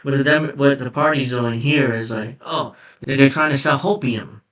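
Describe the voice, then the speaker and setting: A man's voice: mid-range voice, moderate pace, a bit bright, recorded from a distance, poor audio. A man giving a blunt, profane, mocking political commentary monologue as a vlogger. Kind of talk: casual opinion monologue.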